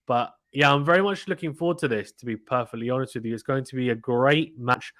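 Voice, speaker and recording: A man's voice: medium pitch, fast talker, fairly bright tone, no echo, studio quality. Chatty man streaming tennis. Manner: chatty, repeats himself, talks to chat viewers. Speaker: live stream commentator. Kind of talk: casual play-by-play watchalong chat.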